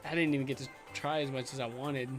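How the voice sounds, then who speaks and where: A man chatting casually as a vlog co-host, retelling stories in an animated way and laughing a lot. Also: mid-range voice, fast talker, faint music behind. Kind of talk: casual chat.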